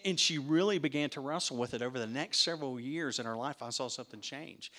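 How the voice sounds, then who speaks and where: A man's voice: medium pitch, pushed and bright. A man preaching a sermon in a conversational way, asking his listeners questions and repeating words as he starts his sentences. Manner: conversational, asks the audience questions. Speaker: pastor. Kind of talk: interactive sermon teaching.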